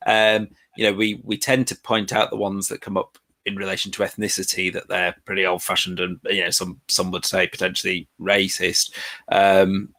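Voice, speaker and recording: A man runs a live revision lesson, his voice sitting fairly low. He talks in a chatty, easygoing way and laughs off his own doubts about how to say names. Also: level tone, normal speed, bright, forceful tone. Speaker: revision session presenter.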